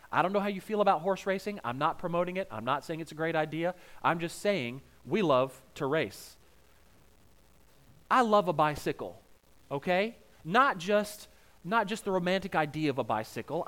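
Preaching with a Southern American accent, a man tells folksy, humorous stories and jokes with his congregation. His voice is slightly high.

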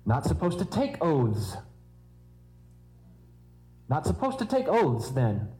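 A man's voice: a little high, wildly swooping pitch, takes it slowly, mellow, poor audio. A man preaching a sermon in a conversational style, with humorous asides.

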